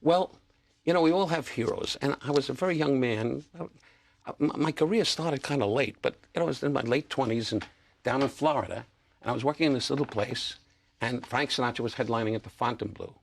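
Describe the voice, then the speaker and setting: A man's voice: medium pitch, brisk, gravelly, slight background noise. An older man from New York, a chatty guest telling stories with restarts and repeats in a talk-show interview. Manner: chatty storyteller, restarts and repeats, acts out quotes.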